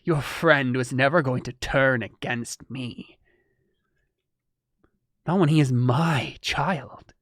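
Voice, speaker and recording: A man voicing a menacing, arrogant male villain who delivers slow, drawn-out threats. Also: medium pitch, fairly bright tone, dry recording, clean studio sound. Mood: gloating.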